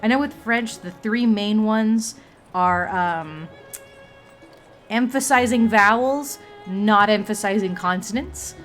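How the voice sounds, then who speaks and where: A woman's voice: mid-range voice, slow, fairly bright tone, soft background music. A woman chatting casually on a livestream, rambling along with many fillers and restarts. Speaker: streamer.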